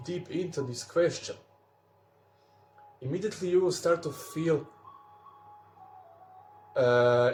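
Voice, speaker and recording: Man, spiritual teacher, slow searching talk, roomy echo, faint music. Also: a little high, darkish tone. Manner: slow, searching, with pauses and restarts. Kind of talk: calm spiritual talk to viewers.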